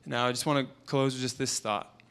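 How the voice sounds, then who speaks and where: A man's voice: medium pitch, fairly even intonation, a little fast, fairly bright tone, clear, resonant tone. An earnest man in his thirties shares stories from his work and his family in a motivational conference talk. He speaks as a parenting expert. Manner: earnest storytelling, quoting a client and his child. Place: conference event.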